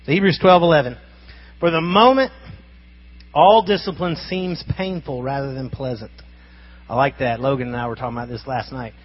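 A man's voice: medium pitch, moderate pace, slightly rough, highs cut off. A man preaching a sermon in a conversational, emphatic way, asking his listeners rhetorical questions. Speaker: pastor.

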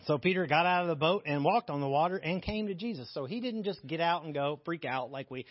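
Male preacher, slightly high voice, frank and joking, dry and dull recording. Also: animated, fairly quick, few pauses, dry recording. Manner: candid and joking, reads scripture aloud. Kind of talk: casual Bible teaching.

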